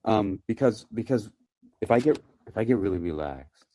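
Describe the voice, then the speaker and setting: A man with a deep voice hosting a casual chat, talking into his phone in a relaxed, laid-back way. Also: normal speed. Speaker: host. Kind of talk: casual chat on a live audio app. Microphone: phone microphone.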